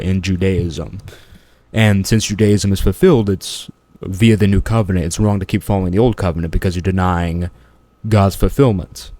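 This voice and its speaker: A man's voice: fairly low pitch, mellow. A man hosting a reaction commentary, talking in a blunt, argumentative and dismissive way. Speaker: commentary channel host.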